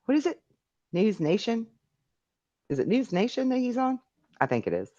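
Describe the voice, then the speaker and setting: A woman's voice: a bass voice, no echo, muffled recording. A middle-aged woman hosting a live call-in stream, chatting casually and reading viewer messages aloud. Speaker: live call-in show host.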